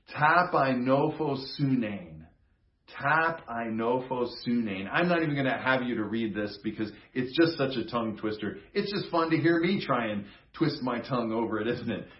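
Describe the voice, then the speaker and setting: A man's voice: mid-range voice, expressive, normal speed. A man preaching a sermon in a conversational, playful teaching manner, getting the congregation to repeat words with him. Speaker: pastor. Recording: roomy, dull sound.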